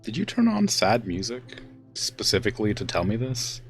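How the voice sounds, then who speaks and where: Deep-voiced male game streamer. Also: sing-song, normal speed, soft background music. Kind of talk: casual live-stream commentary.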